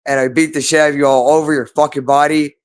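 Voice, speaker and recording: Man, rambling monologue, agitated, repetitive, profane, slightly high pitch. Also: flat delivery, quick pace.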